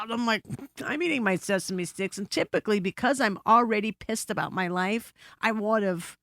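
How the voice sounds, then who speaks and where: A woman guest on a podcast telling a story in casual chat, animated and full of swearing and asides, recorded in a studio. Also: mid-range voice, normal speed, no room sound. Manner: animated, profane, frequent asides.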